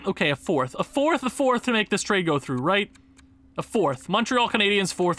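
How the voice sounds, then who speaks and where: An excitable young man talking through his own gameplay, jumping between muttering and yelling at the screen. His voice sits high and swings widely in pitch. The tone is bright and sharp. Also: fairly quick. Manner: excitable, yells and laughs at the screen. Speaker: gaming YouTuber. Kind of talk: let's-play commentary.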